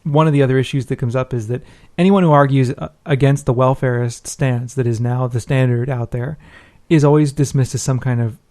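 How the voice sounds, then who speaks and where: A man's voice: medium pitch, steady tone, a little fast, hardly any pauses, mellow. A man co-hosting a podcast, talking bluntly and profanely in casual, opinionated commentary. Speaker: podcast co-host. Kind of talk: casual talk show commentary.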